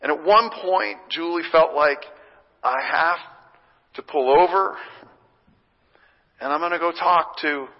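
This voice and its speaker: A pastor preaching a sermon, telling a story in a lively, conversational way from the pulpit. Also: male voice, a little high, slow pace, long pauses. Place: church sanctuary. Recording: long church reverb, muffled sound.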